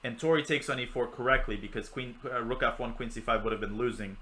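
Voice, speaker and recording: Casual stream commentary, young man, bright voice, talks through the moves. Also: medium pitch, fast, poor audio. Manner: chatty, jokey, answers chat while teaching. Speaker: chess grandmaster and streamer. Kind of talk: live chess commentary on a stream.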